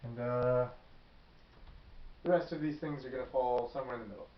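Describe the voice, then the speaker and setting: A man gives a relaxed whiteboard math lecture in a classroom, thinking out loud and correcting himself as he goes. His medium-pitched voice moves a little fast. Recorded far from the mic, it sounds dull and echoes around the room.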